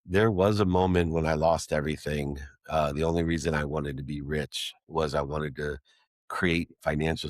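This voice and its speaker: A man's voice: rumbling low, dry recording, clean studio sound. A middle-aged man, a guest in an interview, telling a personal story in an earnest, emphatic way with alliterative phrasing.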